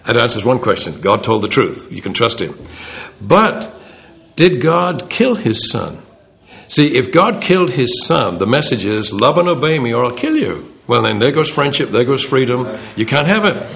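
A man gives an easygoing Bible talk, his pitch rising and falling a lot. He talks conversationally and acts out the lines he quotes. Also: big pitch swings, moderate pace, vocal fry, a bit bright. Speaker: Bible teacher. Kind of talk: informal talk on theology.

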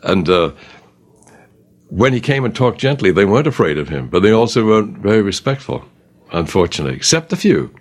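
Older deep-voiced man teaching gently. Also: sing-song, a little fast. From England. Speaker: author and teacher. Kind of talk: conversational Bible discussion.

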